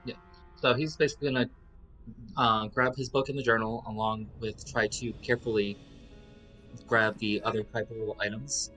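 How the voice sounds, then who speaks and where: A man's voice: lowish voice, flat delivery, moderate pace, a bit bright, soft background music. A man playing a tabletop game, hesitantly describing his character's actions. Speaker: player. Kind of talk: tabletop role-play chat.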